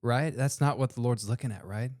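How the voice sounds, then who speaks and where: Tearful as he tells a story, a podcast co-host speaks earnestly about faith in casual conversation, addressing his guest as "dude" and "man." He talks fairly quickly in a mid-range, darkish voice, recorded at studio quality with no room sound.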